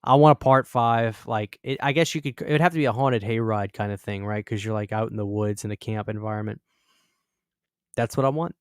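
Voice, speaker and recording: A man's voice: fairly low pitch, brisk, clear, resonant tone, no echo, studio quality. A young man hosting a horror channel, telling a rambling story in casual chat and acting out the voices of people he quotes. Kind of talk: casual storytelling to a live stream audience.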